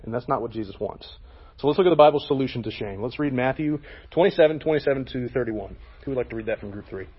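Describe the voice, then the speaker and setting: A man's voice: mid-range voice, fast talker, slightly rough, lo-fi sound. A man leading a casual Bible lesson for a youth group, talking to them with frequent "okay?" check-ins.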